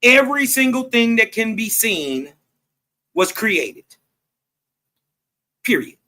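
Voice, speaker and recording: A man's voice: high voice, big pitch swings, slow, pushed and bright. A man, commenting on a debate clip in an emphatic, preachy way that keeps asking "right?". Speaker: host reacting to a clip.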